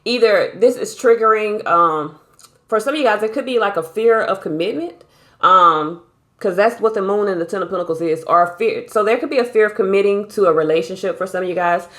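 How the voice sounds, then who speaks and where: A woman's voice: medium pitch, fairly quick, a bit bright. A woman giving a casual tarot reading, talking bluntly and emphatically with lots of profanity and a way of speaking. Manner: blunt, profane, emphatic, repeats "you feel me". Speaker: tarot reader.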